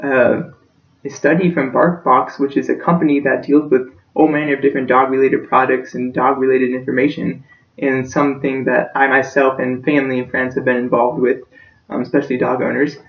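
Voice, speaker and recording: A young man practices a persuasive speech for a class, earnest and emotional, his voice close to breaking, yet mid-range, level and fairly quick. He recorded himself from a distance, so the mic sounds dull in an echoey room.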